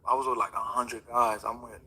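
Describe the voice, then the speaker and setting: A man's voice: medium pitch, level tone, fairly quick, pushed and bright, breathy edge, low-quality recording. A man, a boxer, telling a story in a casual, slangy, rambling way with many fillers. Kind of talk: casual interview chat.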